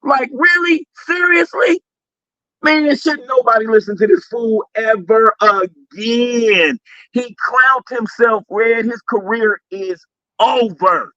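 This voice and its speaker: A man co-hosting a casual talk stream, ranting loudly and mockingly at another creator. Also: extremely high pitch, takes it slowly, no echo, muffled recording. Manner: loud, mocking, animated ranting. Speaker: co-host. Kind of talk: casual commentary chat.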